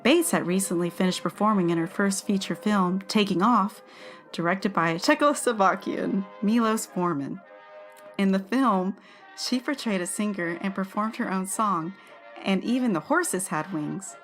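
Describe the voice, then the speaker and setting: A woman's voice: mid-range voice, a little slow, soft background music. A woman co-hosting a podcast, reading a history segment aloud and chatting casually, given to giggles and stumbling over words.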